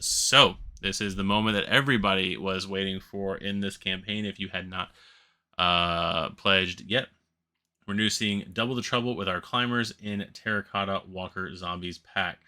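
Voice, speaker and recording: A man's voice: fairly low pitch, pushed and bright. A sleepy man hosting a board game channel, chatting casually and rambling, correcting himself and laughing at his own slips. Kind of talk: casual solo commentary on a crowdfunding campaign.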